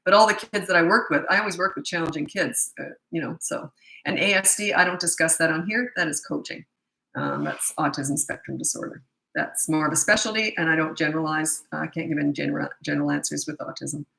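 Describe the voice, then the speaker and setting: A woman's voice: low-pitched, a little fast, gravelly, bright, forceful tone. A woman in her sixties, a parenting coach giving frank, chatty advice in a live Q&A, laughing easily and acting out bits of dialogue. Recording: echoey room.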